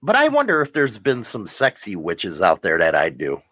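Profane, animated male podcast co-host. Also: lowish voice, normal speed, dry recording. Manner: profane, ranting, teasing. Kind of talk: casual banter.

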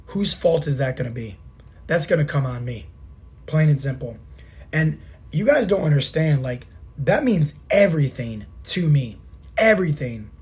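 A man in his thirties with a hoarse, sore throat hosting a motivational fitness podcast, talking emphatically and asking rhetorical questions. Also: fairly high pitch, lively intonation, moderate pace, a little mellow. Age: 30s. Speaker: podcast host and fitness coach.

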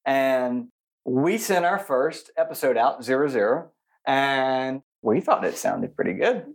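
A man's voice: mid-range voice, a little slow. A man co-hosting a podcast in casual chat, telling self-mocking stories and stressing unusual words. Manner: animated storyteller who stresses unusual words; self-mocking, laughs often. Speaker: podcast co-host.

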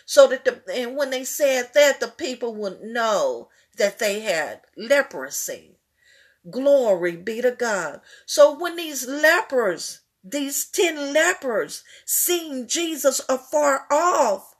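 Fervent high-voiced woman preaching slowly. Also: lively intonation, breathy edge. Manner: fervent, repetitive, rising into emotional crying-out. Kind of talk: sermon.

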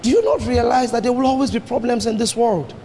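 A high-voiced man preaches a sermon in a church hall, talking fast in a mellow way, with plenty of rhetorical questions and sudden jumps and drops in pitch. Every phrase trails off into a long hall reverb, over a faint hum of ambience.

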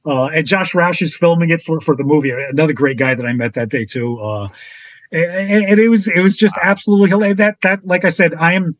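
A man as a podcast guest telling a casual anecdote in an animated way, acting out the other people's lines with big jumps in his voice. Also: fairly quick, no echo. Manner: animated, acts out quotes with big pitch jumps.

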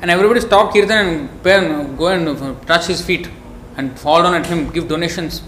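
Man in his own voice preaching a sermon, forceful and scolding in tone, recorded in a reverberant room with light background noise. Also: on the high side, moderate pace. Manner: emphatic, scolding, storytelling. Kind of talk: devotional sermon.

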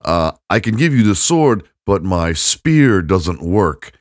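A flirty male blacksmith makes coy, suggestive offers, as a storyteller voices him. The voice is deep and dry, recorded up close. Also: big pitch swings, slow pace, dry recording, exaggerated voice.

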